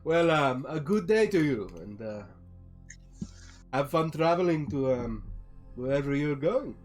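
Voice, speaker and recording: A man's voice: fairly high pitch, expressive, unhurried, faint music behind, voice pushed up. Man doing a courteous Vistani traveler. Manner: polite, hesitant with fillers.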